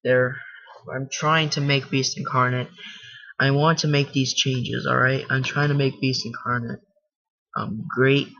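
A man hosting his own casual podcast, rambling and self-deprecating, talking loudly from across the room into his computer's mic. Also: mid-range voice, flat delivery, measured pace, vocal fry, highs cut off. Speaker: podcast host. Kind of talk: casual solo podcast monologue.

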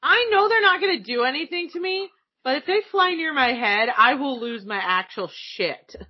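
Woman, high animated voice, profane storyteller, casual chat, slightly dull recording. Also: moderate pace. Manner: animated, swearing, laughing storyteller.

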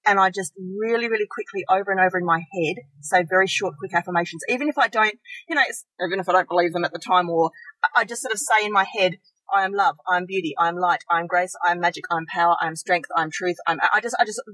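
A woman co-hosting a spiritual podcast, talking earnestly and rushing through lists with restarts. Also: on the low side, a bit bright, dry recording, rough recording. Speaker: podcast co-host. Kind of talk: casual spiritual podcast chat.

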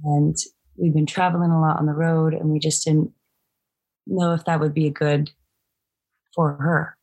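Her voice is low-pitched and dark, delivered flatly and a little slowly. She's a musician appearing as a guest on an interview podcast, reflecting hesitantly on her story in conversation.

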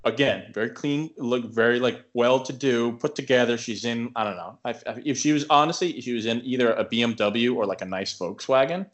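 A young man with an ordinary mid-pitched voice talks through a story on a podcast. He rambles, circles back, and fills every gap with filler words and restarts, in a loose and casual way. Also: fairly quick, few pauses. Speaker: podcast co-host.

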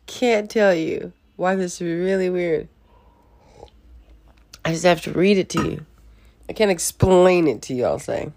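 Woman podcast host, groggy morning voice, gravelly and low, rambling and laughing. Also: measured pace, pauses often, darkish tone. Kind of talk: casual monologue.

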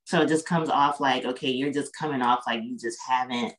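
A woman's voice: extremely low pitch, steady tone, a little fast, poor audio. A woman guest on a podcast, talking in an earnest, reflective way and often checking in with the listener. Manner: reflective, earnest, frequent "you know what I'm saying". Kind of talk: casual chat.

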